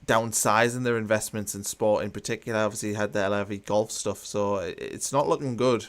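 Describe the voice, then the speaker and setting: A man's voice: lowish voice, fairly even intonation, brisk. A man hosting a football watchalong, chatting casually with many fillers and restarts while he reads out live comments.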